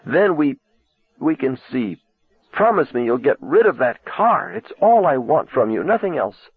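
A man's voice: on the low side, animated, fairly quick, slightly rough, dry recording. A man reading aloud, voicing a teenage girl who pleads on the phone, close to tears. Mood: pleading. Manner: pleading, wavering toward tears. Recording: tinny lo-fi cassette sound.

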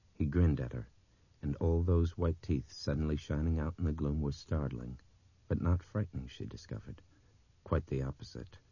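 A very deep, dark male voice with a husky grain, reading an audiobook in a measured, even way. The recording is dry and slightly dull, with no room around it. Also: no room sound. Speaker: audiobook narrator. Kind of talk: audiobook narration.

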